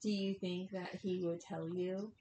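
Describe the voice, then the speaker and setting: A woman playing a curious, wary young adventurer who speaks slowly. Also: steady tone, warm tone, natural voice. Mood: probing. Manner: slow, drawn-out. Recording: echoey room, faint rumble.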